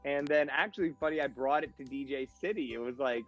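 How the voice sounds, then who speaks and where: A man, a guest on a podcast, telling stories in a casual, animated way and acting out the voices of other people. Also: mid-range voice, fast talker, hardly any pauses, highs cut off, soft background music. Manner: animated storyteller, acts out voices in quotes. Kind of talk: casual storytelling chat.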